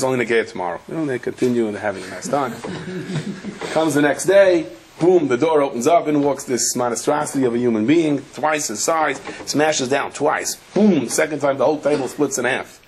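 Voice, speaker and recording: A man giving a Torah lecture as a rabbi, telling stories with lively acted-out voices and sprinkling Yiddish and Hebrew terms. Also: mid-range voice, normal speed, slightly rough. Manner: animated storyteller acting out characters, with Yiddish and Hebrew terms.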